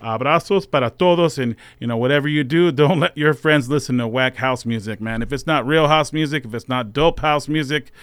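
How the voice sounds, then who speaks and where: A man's voice: mid-range voice, a little fast, hardly any pauses, fairly bright tone, clean tone, no room sound. A man hosting a house music radio show, talking in a loose, rambling way full of slang and fillers. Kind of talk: casual radio show talk.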